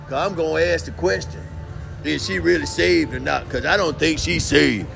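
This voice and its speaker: A man playing a brash, streetwise, defiant man who talks loud, boastful and full of slang in a comedy sketch. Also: a little high, normal speed, gravelly, soft background music. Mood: incredulous.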